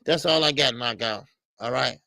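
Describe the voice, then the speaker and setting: A man's voice: mid-range voice, normal speed, gravelly, sharp tone, no room sound. A man co-hosting a boxing talk show, rambling with many hesitations. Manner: rambling, hesitant, many uhs and you-knows. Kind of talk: casual boxing chat.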